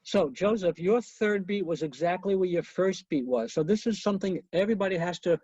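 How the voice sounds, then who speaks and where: This man runs an online conducting class by video call, counting beats out loud, coaching his students and making chatty asides. He speaks briskly in a high-pitched, darkish voice with no room sound, though the call audio is muffled and lo-fi.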